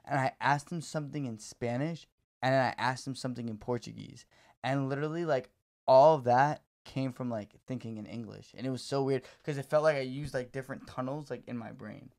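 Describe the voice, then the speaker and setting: A young man co-hosting a podcast, telling a story in a casual, swear-heavy way and loudly acting out text messages. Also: medium pitch, a little fast, vocal fry. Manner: animated, swears a lot, acts out texts loudly. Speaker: podcast co-host.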